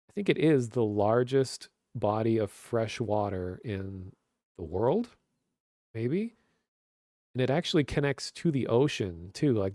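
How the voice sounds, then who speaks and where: A man in his thirties with a Minnesotan accent chats casually on a webcam stream mic, rambling with lots of fillers. His medium-pitched voice has a dark tone, and the sound is clean studio quality with no echo.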